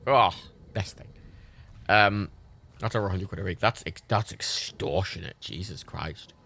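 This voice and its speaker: A man's voice: on the low side, sharp tone, husky. A British man chatting on a live game stream, swearing and laughing in disbelief. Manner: sweary, exasperated, laughs often.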